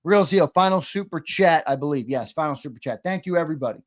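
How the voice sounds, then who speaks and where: A man hosting a sports talk show, reading out viewer comments and keeping the segments moving along briskly. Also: a little high, animated. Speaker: host reading viewer chats.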